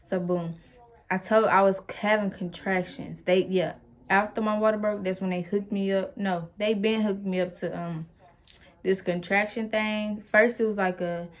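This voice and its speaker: A young woman telling a personal story in a casual, rambling way, full of fillers and playful asides to the viewer. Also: fairly low pitch. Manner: chatty, rambling, with many fillers. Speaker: vlogger.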